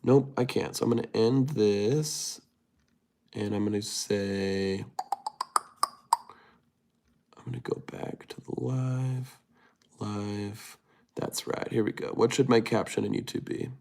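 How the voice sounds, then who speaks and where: Gravelly man chatting on a livestream. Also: fairly low pitch, fairly even intonation, unhurried, mellow. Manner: chatty, mutters to himself while typing. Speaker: livestream host. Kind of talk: casual livestream chat, reading viewer comments aloud.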